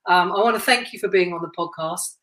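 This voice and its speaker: A woman hosts a podcast in relaxed conversation. She is chatty and upbeat and laughs easily as she asks her guest light questions. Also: lowish voice, fast, rough recording. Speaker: podcast host. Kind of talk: casual interview chat.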